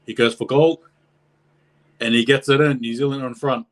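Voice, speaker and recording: A man's voice: medium pitch, steady tone, normal speed. A man giving live play-by-play commentary on a match as a stream host, rambling and correcting himself, his voice jumping up at big plays.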